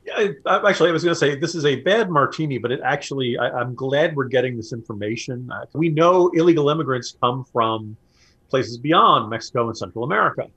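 A man co-hosting a political podcast talks in a husky, slightly bright, medium-pitched voice that's expressive and fairly quick. In this commentary chat, he pushes his points emphatically and repeats them for stress.

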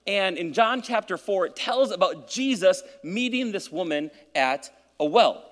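A man's voice: sits high, lively intonation, a little slow, big-room sound. A man preaching as a church pastor, joking casually with the congregation before he reads scripture and prays. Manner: casual and joking, then reading scripture and praying. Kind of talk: sermon. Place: church sanctuary.

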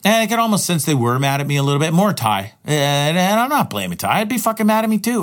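A man's voice: on the high side, very animated, fast, few pauses, fairly bright tone. A middle-aged man vlogging a candid personal monologue, rambling and swearing heavily, often restarting his words. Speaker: vlogger and live streamer.

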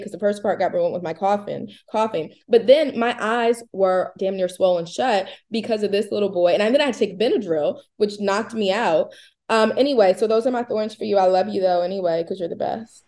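A woman's voice: medium pitch, brisk. A woman in her thirties co-hosting a casual chat show, telling rambling stories and acting out what people said. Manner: rambling storyteller, animated quoting. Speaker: co-host.

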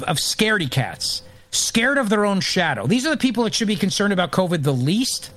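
Lively sarcastic talk radio man. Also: sits high. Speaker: fill-in radio host.

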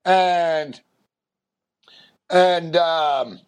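A man's voice: fairly high pitch, very slow, clean tone. A man telling a long, rambling anecdote on a sports podcast, full of fillers and acted-out quotes. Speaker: podcast co-host. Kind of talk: casual storytelling.

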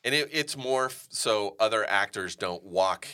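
A man's voice: on the low side, expressive, unhurried, sharp tone, smooth. A man being interviewed as an actor, telling stories animatedly and swearing freely. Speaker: actor guest. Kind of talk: casual interview storytelling.

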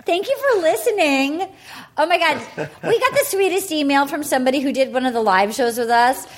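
A woman hosting a podcast, chatting casually and laughing easily. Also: high voice. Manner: excitable, quick to laugh. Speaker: podcast host. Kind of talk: casual chat.

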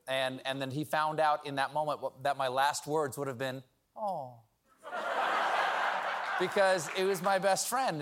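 A middle-aged man hosting a casual question session with a studio audience, telling stories in a playful, self-mocking way. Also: on the high side. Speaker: talk show host.

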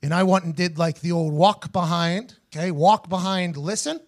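A man hosting a podcast, telling a story in an animated, profane way and acting out both sides of each conversation. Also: high-pitched, moderate pace. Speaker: podcast host. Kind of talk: casual storytelling chat.

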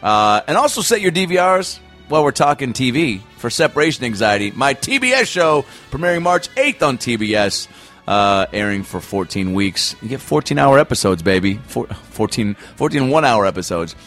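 A man's voice: medium pitch, sing-song, normal speed, a bit bright, soft background music. A man hosting a podcast who gives a casual, rambling intro, swears freely and hypes his guest. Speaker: podcast host.

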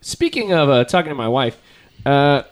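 A man hosting a podcast in casual chat, rambling and self-deprecating, quick to make a joke of himself. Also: mid-range voice, very animated. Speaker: podcast host.

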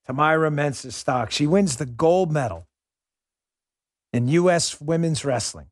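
A man's voice: mid-range voice, dry recording, studio quality. Heated man ranting on a podcast. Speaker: podcast host. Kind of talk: political commentary.

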